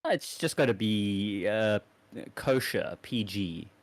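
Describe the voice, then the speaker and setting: An easygoing man with a South African accent chats as a guest on a voice call, telling relaxed anecdotes. His voice sits fairly low. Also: slow. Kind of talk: casual chat.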